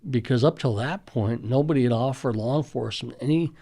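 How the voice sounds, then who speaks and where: A man's voice: medium pitch, fairly quick, dark tone. A middle-aged man, a school safety official, earnestly reminiscing in conversational storytelling with frequent fillers.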